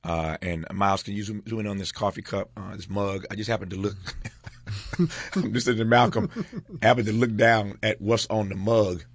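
A man's voice: fairly low pitch, steady tone, moderate pace. A man hosting a talk show at a studio desk, reflective and emphatic, laughing often and repeating words for stress. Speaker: host. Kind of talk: talk show commentary and interview.

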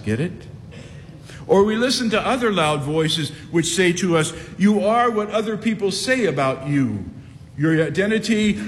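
Older pastor in his sixties, somewhat high-pitched, emphatic sermon delivery with slow refrains; long church reverb, faint rumble underneath. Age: 60s. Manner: emphatic preaching with slow drawn-out repeated refrains.

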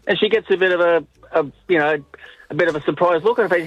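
A man's voice: high-pitched, fast, no echo, dull audio. Dry-sounding male caller. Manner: relaxed storyteller, acts out the lines. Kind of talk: telling a joke on air.

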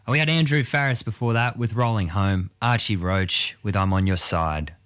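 A man's voice: lowish voice, moderate pace, a bit bright, clear, resonant tone. A man co-hosting a radio show, chatting casually with dry, wry quips. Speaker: radio host.

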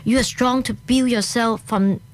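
A woman's voice: on the high side, steady tone, moderate pace. A woman from Hong Kong with a Hong Kong accent, chatting enthusiastically as a guest in an interview and laughing often. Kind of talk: casual interview chat.

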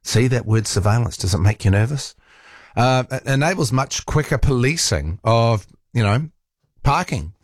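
A man's voice: mid-range voice, lively intonation, normal speed, dry recording, clean studio sound. A man with a New Zealand accent hosting a talk radio show, chatting casually and rambling with fillers and restarts. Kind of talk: casual talkback chat. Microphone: studio microphone.

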